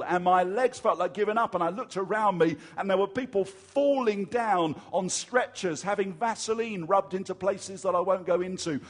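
Male English preacher, high voice, animated storyteller in a sermon.

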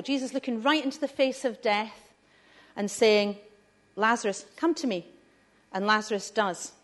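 A woman leading a family church talk, chatty and asking the listeners questions. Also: a little high. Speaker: preacher.

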